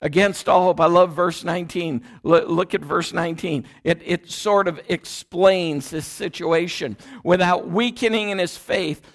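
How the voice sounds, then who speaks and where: A man's voice: sits high, fairly even intonation, unhurried, hardly any pauses. A man preaching a sermon in a church, emphatic and repetitive, calling the congregation to repeat after him. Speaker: pastor.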